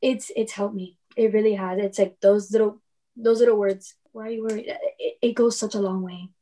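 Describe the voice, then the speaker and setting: A woman's voice: mid-range voice, steady tone, moderate pace, mellow. A young adult woman telling stories in casual conversation as a podcast guest, laughing often and acting out quoted dialogue.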